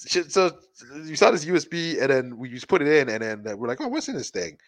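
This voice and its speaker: A man's voice: mid-range voice, animated, a little fast, dry recording. A man co-hosting a podcast, telling rambling crude stories with lots of swearing and acted-out quotes. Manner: rambling storyteller, swears a lot, acts out quotes. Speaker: podcast co-host. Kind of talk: crude casual chat.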